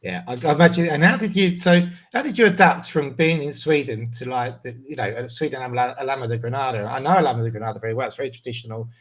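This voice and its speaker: A man's voice: medium pitch, fast talker, hardly any pauses, fairly bright tone. Chatty podcast host, man. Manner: enthusiastic, chatty, laughs often. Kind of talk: casual interview chat.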